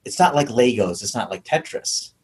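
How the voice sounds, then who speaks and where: A man hosting a conversational interview from a dojo, asking probing questions and reflecting with halting restarts. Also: mid-range voice, expressive, a little mellow, slightly rough.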